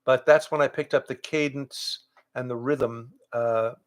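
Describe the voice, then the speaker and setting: An older man, a voice actor and improv teacher, chatting casually with fans on a livestream from home, reading out their questions and answering in a relaxed, rambling way. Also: medium pitch, unhurried. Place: home, in front of pictures on the wall. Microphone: livestream webcam setup.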